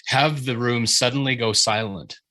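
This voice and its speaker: A man leading a writing workshop over a video call, giving an animated, informal critique, swearing freely and often restarting his sentences. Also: mid-range voice, normal speed.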